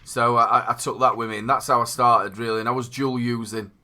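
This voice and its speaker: Northern English male host, bright forceful tone, loose chatty delivery. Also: medium pitch, fairly even intonation, quick pace. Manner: chatty, laughs readily, repeats words. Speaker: podcast host. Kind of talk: casual chat.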